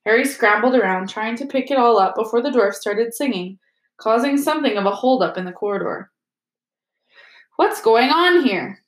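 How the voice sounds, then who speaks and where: A woman teacher reading a chapter book aloud to her students in a steady, expressive way. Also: on the high side, brisk, roomy sound, low-quality recording. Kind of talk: storybook read-aloud.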